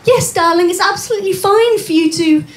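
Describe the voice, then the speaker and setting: A woman's voice: very high-pitched, fairly quick, echoey room, a little hiss or hum, voice pushed up. A woman voicing her posh, doting, carefree mum, gushing with "darling" at every turn. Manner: breathy, doting, over-sweet "darling" delivery.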